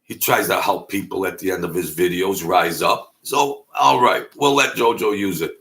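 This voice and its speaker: A man's voice: low-pitched, normal speed, gravelly, fairly bright tone. A man putting on an English accent to play a friendly older English rock star who keeps calling people mate. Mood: chummy. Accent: put-on English. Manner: chummy, coaxing, calls everyone mate.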